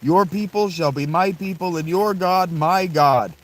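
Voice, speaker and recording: A man voicing a loyal young widowed woman who makes an earnest, solemn vow, his pitch raised slightly. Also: measured pace, poor audio. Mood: devoted.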